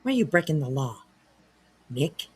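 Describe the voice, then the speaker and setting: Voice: mid-range voice, very animated, moderate pace, darkish tone, slightly rough. Chatty reaction host, sarcastic laughing asides, casual commentary between clips.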